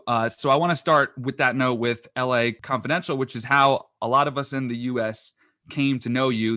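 A man's voice: mid-range voice, a bit bright, dry recording, studio quality. A man interviewing an actor and asking his questions in an eager, chatty way.

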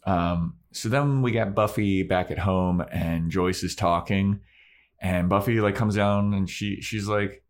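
A low-pitched man co-hosting a casual podcast, retelling scenes as he goes. He slips into quick little character voices while he talks them through. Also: steady tone. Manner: recaps scenes acting out characters' lines. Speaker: podcast co-host. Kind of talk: casual chat.

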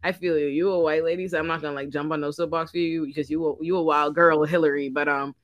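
A woman chatting on a podcast panel, telling profane, slangy stories that swing from low asides to loud laughing shouts. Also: fairly even intonation, fast, no room sound. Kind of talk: casual podcast chat.

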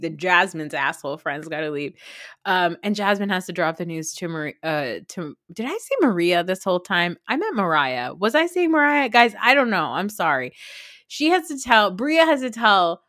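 A woman hosting a podcast, recapping reality TV in a casual chat, excitable and laughing through her sentences while swearing freely. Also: medium pitch, dry recording, studio quality. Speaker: podcast host.

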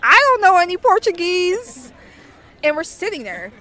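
A young woman in her twenties tells an animated story in casual speech, peppered with "like". Her voice is high. She talks freely to an interviewer. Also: moderate pace. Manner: animated, full of "like" fillers.

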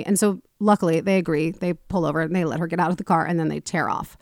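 A woman hosting a casual talk show, retelling a story in an animated way and acting out the people in it. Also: fairly low pitch, quick pace, gravelly, few pauses, no echo, clean studio sound. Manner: animated retelling, acts out quoted people with swearing. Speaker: podcast host.

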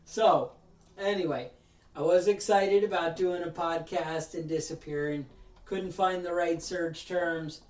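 A man with a high voice tells a story in a worked-up, ranting way, putting on the voices of the people in it. He sits back from the mic in a roomy space, so the sound carries some echo. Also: fairly even intonation, measured pace, darkish tone, distant mic. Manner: ranting storyteller, acts out other people's lines. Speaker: podcast host. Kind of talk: casual podcast chat.

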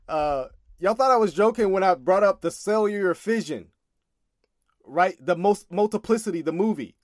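A man's voice: sits high, expressive, measured pace, long pauses, dry recording, clean studio sound. A man casually commenting on a sermon clip, exasperated and emphatic, often laughing in disbelief.

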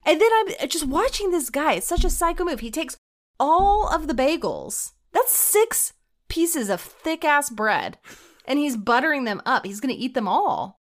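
A woman co-hosting a podcast, telling a story in an animated, laughing, breathless way. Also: sits high, measured pace. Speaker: podcast co-host. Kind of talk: casual chat, telling a story.

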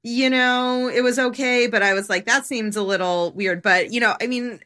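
A woman's voice: fairly high pitch, normal speed, bright, forceful tone. A woman co-hosting a podcast in casual chat, rambling through a news story with many filler words. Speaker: podcast co-host.

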